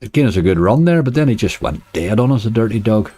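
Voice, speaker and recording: A man's voice: lowish voice, expressive, fast talker, mellow, breathy edge, no room sound. A man with a Northern Irish accent giving chatty live-stream commentary on casino games, talking to his chat and groaning at near misses. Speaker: slots streamer.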